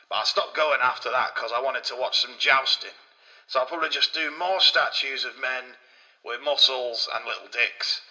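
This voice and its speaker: A man's voice: mid-range voice, sharp tone, rough recording. A man voicing a crude, boastful Renaissance sculptor in a comedy podcast sketch.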